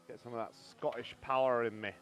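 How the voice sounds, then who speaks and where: Man, racing game streamer, casual banter, swears a lot, jokey storyteller, mid-pitched voice, faint background hiss. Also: fairly even intonation, quick pace, fairly bright tone. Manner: joking, swears freely, storytelling.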